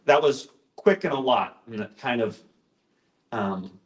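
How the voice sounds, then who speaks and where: A man's voice: mid-range voice, expressive, unhurried. A male pastor giving an informal, conversational talk, often interrupting himself with asides and jokes. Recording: roomy echoing room.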